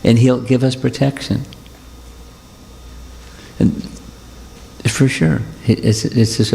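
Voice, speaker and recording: Gravelly man, low dark voice, repetitive reassuring teaching, long hall reverb. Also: a little hiss or hum. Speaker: spiritual teacher. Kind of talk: devotional talk with questions.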